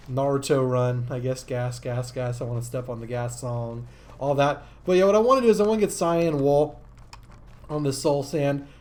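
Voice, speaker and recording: Excitable high-voiced male gamer. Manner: rambling and easily excited, many fillers. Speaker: Minecraft let's-play host. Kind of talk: casual gameplay commentary.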